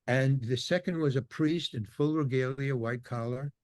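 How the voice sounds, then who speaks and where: Older male guest, animated storyteller, dry studio sound. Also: medium pitch, normal speed, dry recording. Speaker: podcast guest. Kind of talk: casual storytelling interview.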